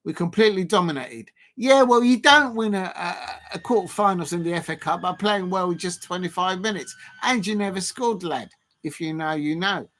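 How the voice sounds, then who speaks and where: A man with a high-pitched voice hosts a live football fan stream. He talks in loose, mocking banter, taunting rivals and slipping into chant snippets and jeering sounds. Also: normal speed, a bit bright, slight background noise. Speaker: fan channel host.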